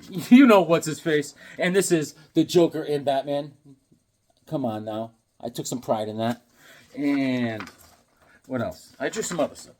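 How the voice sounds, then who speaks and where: Rambling, chuckling man with a lively voice. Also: mid-range voice. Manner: rambling, chuckling, full of fillers and self-talk. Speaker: comics vlogger showing his drawings. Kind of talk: casual rambling show-and-tell.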